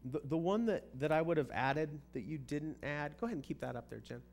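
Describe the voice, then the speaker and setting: A man's voice: fairly high pitch, a little fast, creaky, a little mellow, slight background noise. A man preaching a sermon in a conversational way, often repeating words as he restarts a thought. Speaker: pastor.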